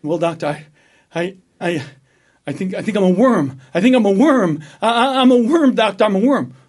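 A man's voice: high voice, expressive, normal speed, a little mellow. A man voicing a panicked patient who believes he is a worm, stammering and repeating himself. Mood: distressed.

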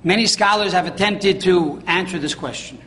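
A man with a high voice delivers a sermon, telling a story with emphatic, rising questions. His voice rings with a long hall reverb over a faint room hum. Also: normal speed, pushed and bright.

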